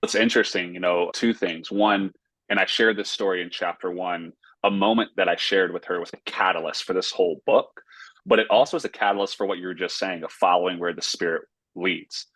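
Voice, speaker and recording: A pastor and author from Raleigh, North Carolina, US, earnestly tells a personal story during a casual interview. His voice sits low, with a slightly bright tone, and he talks fairly quickly; there is no echo.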